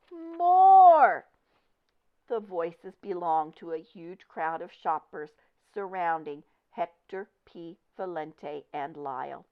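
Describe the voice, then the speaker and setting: A woman reading a children's picture book aloud with expressive, deliberate storytelling. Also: low-pitched, clean tone. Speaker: storybook reader. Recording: dull lo-fi recording.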